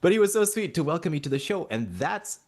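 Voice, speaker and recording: A man from Mauritania, an actor and guest, telling animated anecdotes in a casual interview and acting out quoted dialogue. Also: a little high, fast.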